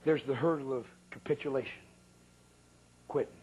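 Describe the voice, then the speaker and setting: A man's voice: medium pitch, steady tone, normal speed, a little mellow, breathy edge, lo-fi sound. A man preaching a sermon who tells a funny story about his own misfortunes in a folksy, colloquial way with sudden exclamations.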